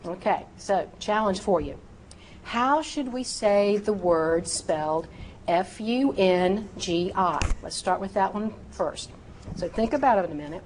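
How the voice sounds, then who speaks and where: A woman teaching medical terminology in a recorded lecture, sounding out each term slowly and precisely. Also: medium pitch, lively intonation, darkish tone, slight background noise. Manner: slow, precise enunciation of terms.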